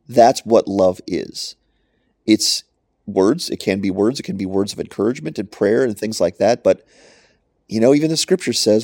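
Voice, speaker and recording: A man's voice: lowish voice, warm tone, no room sound. A man preaching a short podcast sermon into a close mic, emphatic and repeating his points for stress. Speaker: pastor.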